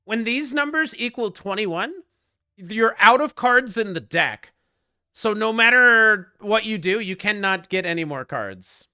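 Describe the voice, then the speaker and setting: Chatty streamer with a bright, crisp voice. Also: male voice, sits high, expressive, measured pace, dry recording, studio quality. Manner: chatty, joking, answers chat, gets loud when frustrated. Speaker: game streamer. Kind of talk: casual strategy commentary.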